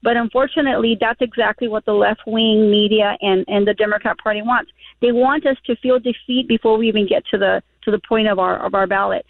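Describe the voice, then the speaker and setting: A woman's voice: mid-range voice, fairly even intonation, brisk, creaky, dry recording. A woman guest on a radio talk show, speaking emphatically and stumbling over her words. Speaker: political guest. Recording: tinny phone line.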